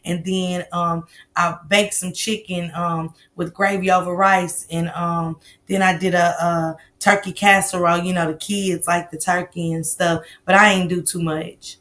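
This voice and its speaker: A woman hosts a casual live stream. Her voice is bright and forward, and she tells stories loudly and animatedly, full of slang and swearing. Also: fairly low pitch, flat delivery, a little slow, few pauses.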